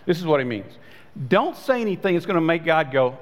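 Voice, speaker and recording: A pastor preaching a sermon in a conversational way, his voice swinging between high and low. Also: big pitch swings, a little fast. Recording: long hall reverb.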